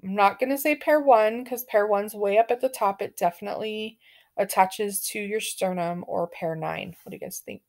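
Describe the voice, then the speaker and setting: A woman's voice: medium pitch, moderate pace, a little mellow. A woman teaching a medical terminology class, talking casually with many fillers and putting questions to her students. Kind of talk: classroom lecture.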